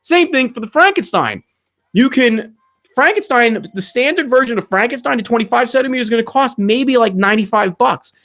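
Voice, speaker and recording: A man's voice: extremely high pitch, expressive, fairly quick, fairly bright tone. A man hosting a casual livestream Q&A, talking in a rambling, profane, ranting way as he reads viewer questions. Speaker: channel host answering viewer questions. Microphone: streaming setup mic.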